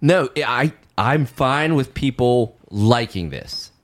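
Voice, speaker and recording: A man's voice: medium pitch, animated, slow pace. A man co-hosting a podcast in casual chat, trading dry, sarcastic quips. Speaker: podcast co-host.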